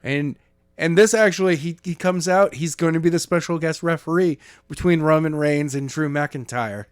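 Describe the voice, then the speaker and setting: A man's voice: a little high, moderate pace, clear, resonant tone, dry recording, studio quality. A man co-hosting a casual wrestling podcast, joking around and slipping into mock announcer hype. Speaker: podcast co-host.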